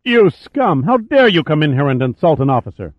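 A man voicing a furious, blustering male naval officer who shouts explosively in an audiobook reading. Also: a little high, sing-song, fairly quick, dry recording, pitched above the performer's own voice. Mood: enraged. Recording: tinny phone-like audio.

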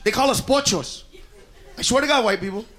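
An American male stand-up comedian riffing loudly and profanely at his audience in a comedy club. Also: very high voice, a little fast. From United States. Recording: loud crowd laughter and noise, live club.

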